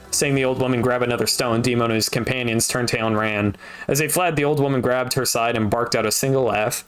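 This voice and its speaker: A man's voice: medium pitch, fairly quick, a bit bright, soft background music. Man, streamer, reading a novel aloud, casual narration, wry asides. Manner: reads steadily, breaks off with wry asides.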